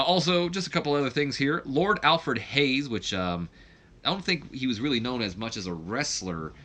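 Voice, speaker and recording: A man's voice: fairly low pitch, pushed and bright. A young man casually talking through a wrestling management game for his channel, rambling and correcting himself as he goes. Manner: rambling, self-correcting, chatty. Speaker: gaming YouTuber.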